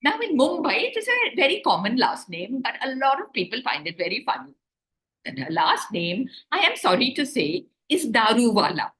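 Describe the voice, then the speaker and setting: A woman's voice: on the high side, normal speed. A woman author telling a story to children over a video call, stopping often to ask them questions. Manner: animated, asks the children questions.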